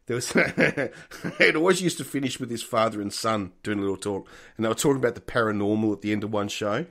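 A man's voice: fairly low pitch, fairly quick, fairly bright tone. A man with an Australian accent co-hosting a casual chat, rambling and laughing as he restarts his sentences. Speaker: co-host.

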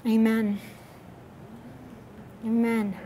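A woman pastor leading an altar call and prayer in a church service, gently inviting and repeating her words. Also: fairly high pitch, monotone, very slow, background noise.

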